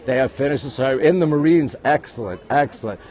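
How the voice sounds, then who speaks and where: A man with a New York accent, hosting a live walking tour on his phone, talking quickly and greeting viewers all the time. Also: medium pitch, a little mellow. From United States. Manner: rapid-fire, greeting viewers constantly. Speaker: livestream host. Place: outdoors at a busy historic site. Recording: faint outdoor city noise.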